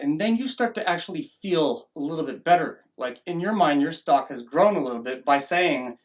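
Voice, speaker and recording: A man's voice: a little high, expressive, moderate pace, hardly any pauses. A man giving a rambling opinion monologue as a vlogger, often restarting and acting out mocking voices.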